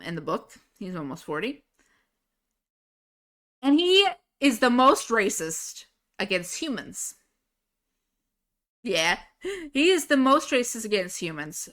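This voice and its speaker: A young adult woman streamer in casual chat, excitable, swearing and laughing often as she talks about her own story. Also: mid-range voice. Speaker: livestreamer.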